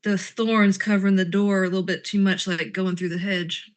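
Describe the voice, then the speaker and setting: A woman's voice: medium pitch, flat delivery, a little fast. Woman player, in-character banter, gripes and rambles, sarcastic streak. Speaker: tabletop game player. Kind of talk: in-character role-play chat.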